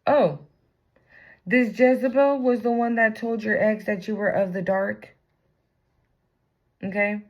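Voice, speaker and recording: Slow, gravelly woman reading tarot. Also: mid-range voice, steady tone, dull audio. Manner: blunt and profane, slangy. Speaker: tarot reader.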